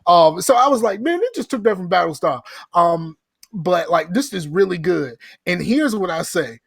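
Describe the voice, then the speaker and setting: A man co-hosts a podcast and talks in a relaxed, rambling way, swearing now and then. His voice sits a little high for a man. The recording is dry and close-miked. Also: normal speed, creaky, slightly rough, dry recording. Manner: laid-back, rambling, swears casually. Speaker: podcast co-host. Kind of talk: casual chat.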